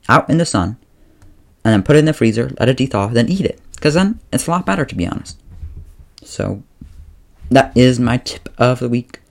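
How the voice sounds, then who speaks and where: Rambling, self-correcting male podcast host. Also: fairly low pitch. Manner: rambling, often correcting himself mid-sentence; playful, pleading directly with listeners. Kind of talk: casual solo podcast chat.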